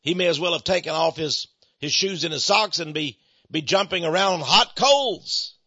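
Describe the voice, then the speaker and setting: An American Christian speaker on Freemasonry recounts a story in his sermon, playing both sides of the dialogue with animation. His husky voice sits on the high side, pushed and bright, at a moderate pace. The dry recording sounds dull, muffled and lo-fi.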